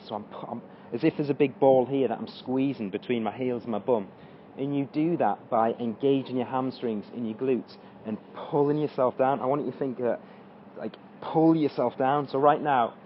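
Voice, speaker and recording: In this workout tutorial, a man of medium pitch coaches squats as he performs them, straining through each rep. The recording has its highs cut off and a little hiss or hum.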